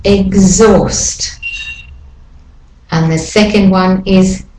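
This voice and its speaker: A woman giving an English pronunciation lesson, saying each word slowly and deliberately twice for learners to copy. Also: fairly low pitch, darkish tone, slight background noise. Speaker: pronunciation teacher. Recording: echoey room.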